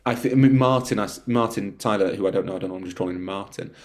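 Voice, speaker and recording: A man's voice: on the low side, racing, a little mellow. A man talking casually on a podcast panel, joking and interrupting himself. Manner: chatty, self-interrupting, joking. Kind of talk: casual chat.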